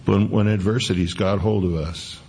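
Gravelly-voiced man preaching a sermon. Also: lowish voice, steady tone, moderate pace, darkish tone. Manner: conversational preaching, homely asides and scripture read aloud. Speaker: pastor.

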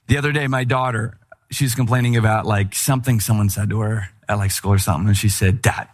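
A man preaching a conversational sermon, animated and joking, acting out the quotes he tells. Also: fairly low pitch, fast. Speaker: pastor.

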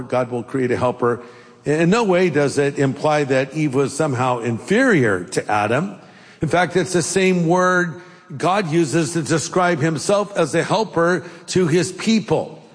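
A man's voice: fairly high pitch, big-room sound. A man preaching a sermon as a pastor, playful and joking at times. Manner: playful, jokes and puts on silly accents.

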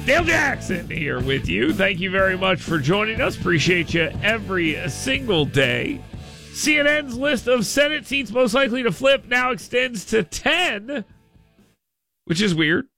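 High, gravelly talk radio host man. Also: big pitch swings, unhurried, sharp tone, faint music behind. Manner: wry, sarcastic asides.

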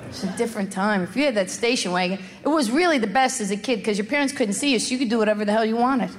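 A woman's voice: on the high side, rapid-fire. A female stand-up comedian delivering brash, sarcastic punchlines on a club stage. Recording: noisy live recording in a reverberant hall. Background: audience laughter.

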